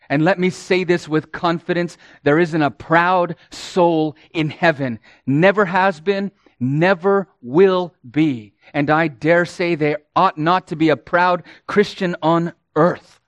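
A man preaching a sermon as pastor, slow and emphatic, rising and falling in volume for emphasis. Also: fairly high pitch, no echo.

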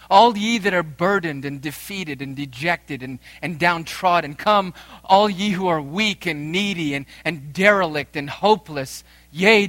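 A man in his thirties preaching a sermon as pastor, emphatic with dramatic pauses and rising swells. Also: on the high side, a bit bright, dry recording.

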